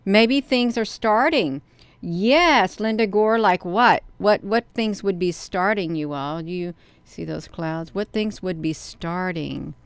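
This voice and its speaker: A woman hosts a casual live stream, talking straight to her viewers in an expressive, excitable way. Her voice sits a little low and sounds smooth and clear. The recording is close and dry. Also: slow pace, dry recording. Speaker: channel host reading live chat.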